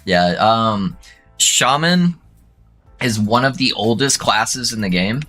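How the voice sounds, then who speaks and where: Bright-voiced male streamer, faint music. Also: on the low side, slow. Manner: excited whoops and laughs between relaxed chatter. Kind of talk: casual gaming stream chat.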